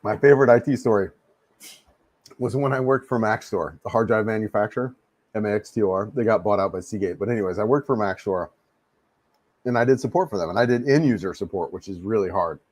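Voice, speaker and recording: Talking at a quick pace in a low-leaning voice with no echo, a US-born man chats with viewers on a relaxed live stream from his home in the Philippines. He rambles amiably, repeats himself often, and fiddles with his desk microphone.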